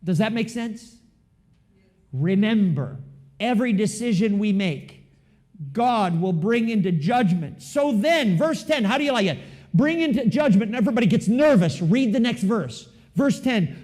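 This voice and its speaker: A man preaching a sermon in a church, talking with the congregation, asking them questions and moving between loud emphasis and hushed asides. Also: high-pitched, animated, measured pace. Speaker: pastor.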